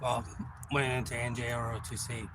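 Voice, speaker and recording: A man hosting a live stream, telling a story in a rambling, profane way with lots of fillers, and getting loud when the story turns exciting. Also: mid-range voice, brisk. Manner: gets loud and excited when retelling action. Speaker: channel host. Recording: noisy background.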